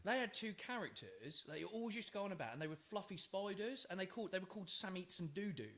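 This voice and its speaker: A podcast co-host with a high voice and quick pace chats casually, telling relaxed anecdotes about his children. His talk is full of frequent fillers.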